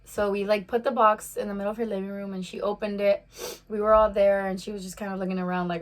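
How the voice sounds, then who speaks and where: A woman's voice: medium pitch, little pitch movement, quick pace. Chatty young woman vlogger. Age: 20s. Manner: chatty, lots of "like" fillers. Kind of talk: casual storytime while eating.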